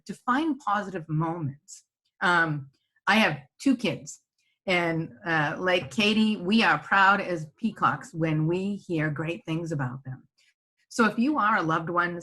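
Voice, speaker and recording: A woman's voice: fairly low pitch, bright, forceful tone, breathy edge. A middle-aged woman giving a webinar presentation from home in a conversational way, often checking in with "right?". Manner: conversational, tags points with "right?". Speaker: senior living presenter. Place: home office.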